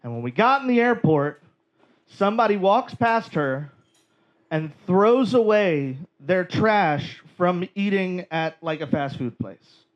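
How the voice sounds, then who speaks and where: A man from Georgia performs stand-up into a handheld mic on a club stage, his voice sitting high and bouncing all over. He tells stories in a wry, animated and profane way. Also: takes it slowly, highs cut off. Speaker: stand-up comedian. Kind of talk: stand-up storytelling.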